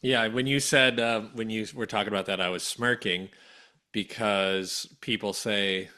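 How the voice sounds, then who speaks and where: A man's voice: on the low side, steady tone, a little slow, pushed and bright, clear, resonant tone. A man co-hosting a business podcast in casual chat, explaining his points through analogies. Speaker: podcast co-host, business coach.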